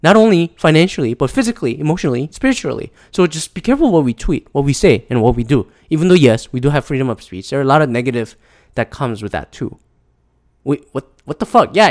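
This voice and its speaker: A man's voice: fairly high pitch, very animated, fast. Profane, heated man ranting. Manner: profane, heated, mimics others in mocking voices. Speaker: commentator. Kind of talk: ranting casual commentary.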